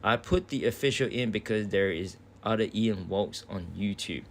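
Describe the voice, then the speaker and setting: Australian man, casual game streamer, laid-back, cusses, lowish voice. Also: moderate pace, a little hiss or hum. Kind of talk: casual live-stream chat. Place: indoors at home.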